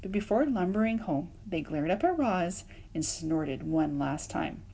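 A woman reading a children's novel aloud, with expressive, lively narration and voiced sound effects. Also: fairly low pitch, measured pace, gravelly. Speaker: audiobook reader. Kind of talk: storybook read-aloud.

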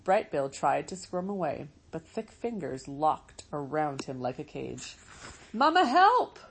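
A woman reading a storybook aloud as narrator, in a measured, steady way. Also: low-pitched, gravelly, a little hiss or hum, low-quality recording. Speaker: audiobook narrator.

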